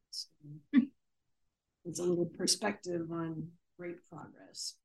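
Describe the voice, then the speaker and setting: A woman physical therapist calmly recounting a patient's progress in a measured way. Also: on the low side, poor audio. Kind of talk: casual chat, reflective storytelling.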